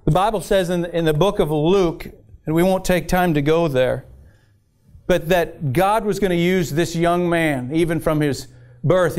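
A man's voice: on the high side, darkish tone. A man preaching a sermon with passion, repeating phrases and reading scripture aloud. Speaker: pastor.

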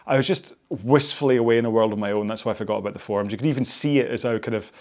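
A man's voice: medium pitch, rapid-fire, a little mellow. Rambling chatty man leading a workout. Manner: rambling, chatty and self-deprecating, often apologizing. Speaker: indoor rowing instructor. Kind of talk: casual workout cool-down chat.

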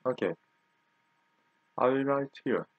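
A man's voice: mid-range voice, lively intonation, dry recording. Man, 20s, patient teacher, repeats drill words, dry, tinny lo-fi sound. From Turkey. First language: Turkish. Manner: repeats each word slowly for drilling. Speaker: language teacher. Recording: dry, tinny phone-like recording.

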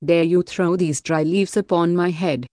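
A woman's voice: on the low side, fairly even intonation, measured pace, warm tone, no room sound, studio quality, natural voice. Proud young hermit, read by a woman. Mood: indignant. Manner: read plainly in the narrator's own voice. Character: young male ascetic, proud and quick-tempered. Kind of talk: audiobook reading.

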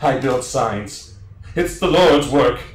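A grief-stricken immortal Scottish warrior, played by a man pours out a melodramatic stage monologue. His mid-pitched voice rings through a roomy theater. It is heard from a distance. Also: expressive, takes it slowly. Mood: mournful. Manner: melodramatic, swings into shouted outbursts. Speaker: actor in a staged reading.

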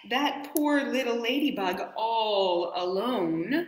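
A woman from New York State telling a counting rhyme story to children, gentle and playful, with a slow sing-song delivery. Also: mid-range voice, animated. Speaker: storyteller and dance educator. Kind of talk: children's story time with movement. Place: home in Italy, echoey room. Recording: echoey room.

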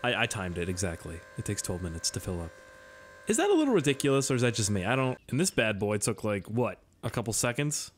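An excitable man talks through a game he is playing, jumping all over his pitch and yelping whenever something goes wrong. He swears freely and jokes constantly, sounding a little tipsy, with a faint hiss under his voice. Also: fast talker. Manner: excitable, profane, jokey, yelps and laughs at the game. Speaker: gaming video host. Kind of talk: gameplay commentary.

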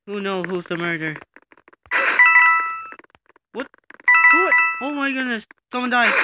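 An excitable woman narrates her gameplay with swooping, lively pitch, and she takes her time over the words. The low-quality phone recording carries a clear hiss of noise underneath. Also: unhurried, pauses often. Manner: excitable, frequent exclamations and laughter. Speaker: gaming channel host. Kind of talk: excited let's play commentary. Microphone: phone microphone.

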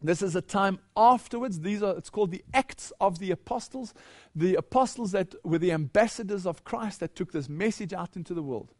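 A man's voice: sits high, normal speed, darkish tone, no echo, studio quality. A man giving a Bible teaching lecture, leading listeners through verses and asking questions before he answers them.

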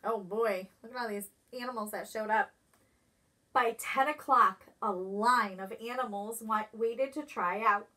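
A preschool teacher reading a picture book aloud, pausing to ask the children questions. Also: female voice, fairly high pitch. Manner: expressive, asks children questions. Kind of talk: storybook read-aloud for preschoolers.

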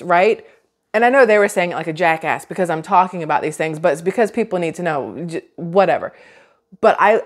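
A woman, giving casual vlog commentary in a chatty, sarcastic, rambling way full of restarts. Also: medium pitch. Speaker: vlogger.

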